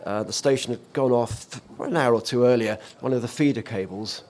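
This man, once an offshore radio presenter, talks briskly in a slightly mellow mid-range voice as he reminisces. His vivid story is peppered with fillers and restarts.

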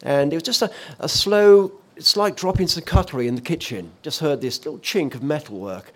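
A man's voice: fairly high pitch, brisk. A man who worked as an offshore radio presenter, telling a vivid story in conversation with frequent fillers and restarts. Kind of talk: reminiscing in conversation.

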